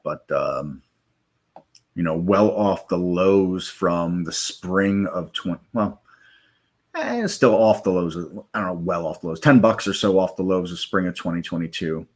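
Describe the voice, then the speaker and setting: A man hosting a live trading stream, walking through software in a loose, rambling way with many fillers and self-corrections, and hiccups now and then. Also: deep voice, slightly rough. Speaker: live trading room host.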